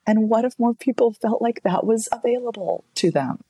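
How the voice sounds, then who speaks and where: A woman in her thirties, a voice coach and author, talking in a relaxed interview and telling stories with lively swings in pitch. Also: normal speed, breathy edge, dry recording. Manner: animated storytelling, wide pitch swings, expressive. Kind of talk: casual interview conversation.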